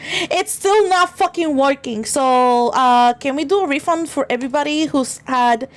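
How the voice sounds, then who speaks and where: A woman's voice: high-pitched, unhurried. A young woman streamer chatting casually and ranting in frustration, swearing and stammering through restarts at a desk mic. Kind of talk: casual livestream chat.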